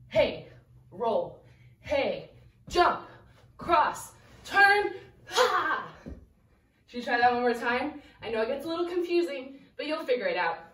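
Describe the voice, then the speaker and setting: High-voiced woman counting dance steps. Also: a bit bright, recorded from a distance. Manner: cheerful, counts beats and calls out steps while dancing. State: slightly out of breath. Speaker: dance instructor. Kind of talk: dance lesson for children. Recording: echoey room, voice from afar.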